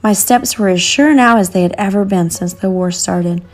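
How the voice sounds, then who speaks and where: A woman narrating a storybook in an earnest, measured reading. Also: medium pitch.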